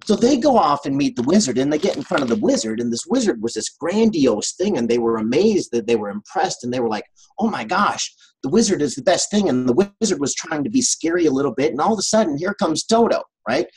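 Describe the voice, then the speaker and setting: A male trainer retells a story in an animated way, often checking whether his listeners follow. His voice is husky and breathy, with pitch that moves up and down a lot. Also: fast talker, few pauses, poor audio. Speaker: team trainer. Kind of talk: motivational training talk.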